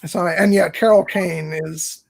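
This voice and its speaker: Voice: mid-range voice, fairly even intonation, unhurried, vocal fry. A podcast co-host in casual film review chat, hesitant and thinking aloud with many restarts.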